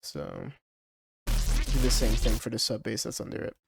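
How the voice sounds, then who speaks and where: A man with a fairly low voice talks through his song project in a loose, halting way, leaning on ums and likes. His own track plays clearly underneath the whole time. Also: wildly swooping pitch, music in the background. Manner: hesitant, full of ums and likes. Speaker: music producer. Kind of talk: casual walkthrough of a song project. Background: his track playing clearly underneath.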